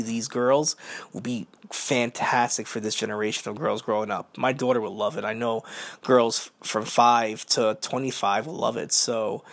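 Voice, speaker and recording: A man's voice: medium pitch, a bit bright. A man hosting a podcast, giving a rambling, casual spoken movie review full of fillers. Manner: rambling, with many fillers and repeated "as well, too". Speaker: podcast host reviewing films.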